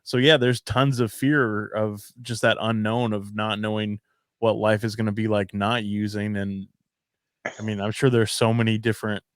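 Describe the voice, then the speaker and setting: A man's voice: fairly low pitch, flat delivery, normal speed, fairly bright tone, clear, resonant tone, no echo, studio quality. A man on a casual talk show panel, speaking candidly and plainly. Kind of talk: casual interview chat.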